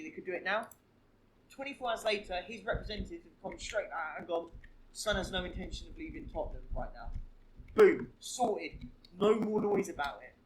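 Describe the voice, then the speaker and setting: A man co-hosting a football podcast, talking in an animated, opinionated way with frequent restarts. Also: sits high, slight background noise, poor audio. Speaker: podcast co-host. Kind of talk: casual football podcast chat.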